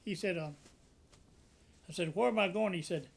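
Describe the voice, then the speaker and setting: An older war veteran with a high-pitched, gravelly, slightly rough voice speaks at normal speed. In this oral history storytelling, he recounts wartime tales in a folksy way, acting out quoted voices, laughing at his own jokes, and becoming tearful at times.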